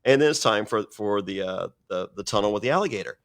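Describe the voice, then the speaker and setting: Quick and animated, a man with a fairly low pitch spins a story as a podcast guest, cursing and wandering off track while imitating other people's lines.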